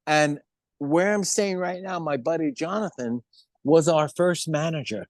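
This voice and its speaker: Older man telling animated stories. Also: on the high side, measured pace, no room sound, clean studio sound. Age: 70s. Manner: animated storyteller, acts out quoted voices. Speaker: musician guest. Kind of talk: storytelling interview.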